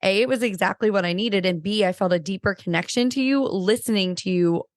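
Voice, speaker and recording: Woman podcast host; enthusiastic, chatty, mid-pitched, dry close recording. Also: brisk, no echo. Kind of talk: casual interview chat.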